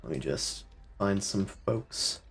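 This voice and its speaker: A man's voice: deep voice, animated, takes it slowly, gravelly, a bit bright, breathy edge. A man acting as game master, loosely describing scenes and making rules calls. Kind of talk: running a tabletop game.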